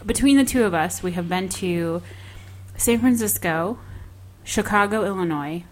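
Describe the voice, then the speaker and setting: Bubbly woman podcast co-host. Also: mid-range voice. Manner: chatty and bubbly, quick laughs. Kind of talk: casual chat. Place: home in Nashville.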